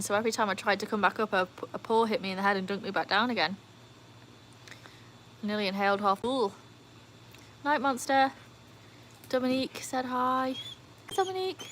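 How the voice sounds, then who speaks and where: A woman's voice: medium pitch, a bit bright, a little hiss or hum, poor audio. A woman chatting casually on a live stream at home, reading out viewer comments. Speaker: livestream host. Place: home, beside a backyard pool.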